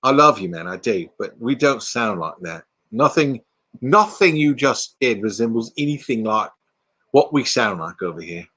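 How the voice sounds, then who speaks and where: A man's voice: mid-range voice, sing-song, normal speed, sharp tone, voice pushed down. A man voicing a friendly English man with a put-on British accent, protesting in a playful, exaggerated way. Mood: pleading.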